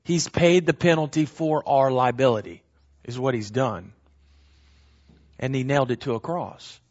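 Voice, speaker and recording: A man leads a verse-by-verse Bible study in an earnest, emphatic way. He stresses and repeats key phrases and corrects himself as he goes. His voice sits at a middle pitch, and the recording sounds slightly dull. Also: a little slow. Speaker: Bible teacher.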